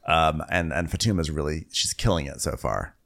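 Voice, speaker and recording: A man's voice: rumbling low, normal speed, vocal fry, a bit bright. A man co-hosting a podcast, giving wry, rambling asides in a casual recap chat. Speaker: podcast co-host.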